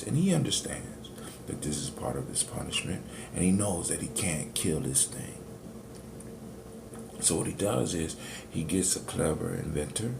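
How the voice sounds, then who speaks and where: A man with a low, gravelly voice teaches in a preachy, motivational style. He talks straight to his listeners as if to family. A faint hiss sits behind him. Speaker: spiritual teacher.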